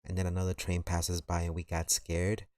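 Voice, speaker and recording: A man's voice: deep voice, completely flat delivery, normal speed, darkish tone, no room sound, clean studio sound. A man telling a story on a live stream in a rambling, slangy way, full of fillers.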